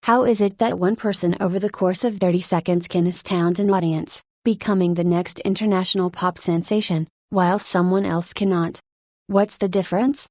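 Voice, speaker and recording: A woman narrating a nonfiction audiobook in an even, measured reading. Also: on the low side, dry recording.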